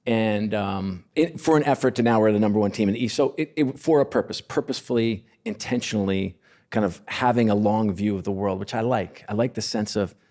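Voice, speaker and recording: A man's voice: on the low side, fairly quick, mellow. A middle-aged man, a podcast guest from sports business, telling stories in an earnest, effusive, self-deprecating way. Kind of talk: casual conversational storytelling.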